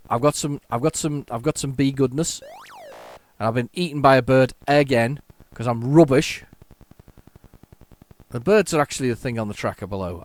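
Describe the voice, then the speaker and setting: A man hosting a retro gaming video, chatting casually and rambling through his commentary with many fillers and restarts. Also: medium pitch.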